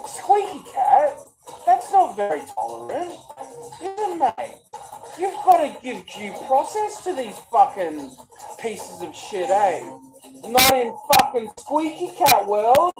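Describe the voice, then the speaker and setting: A woman's voice: fairly high pitch, sing-song, slow, over loud music, low-quality recording. A woman hosting a podcast, ranting in a mocking, crude way and talking to her cat. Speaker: podcast host. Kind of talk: casual profane rant.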